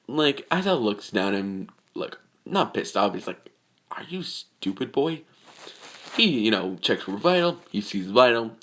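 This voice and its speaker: A man with a fairly low voice casually retelling a fan scenario. He rambles, restarts, and leans on "like" and "you know" as he goes. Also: a bit bright. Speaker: storyteller.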